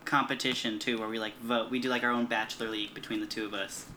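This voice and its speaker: A man's voice: fairly low pitch, flat delivery, fast talker, noisy background. A man co-hosting a podcast in casual chat, snarky and giggling, tossing off playful jokes. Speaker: podcast co-host.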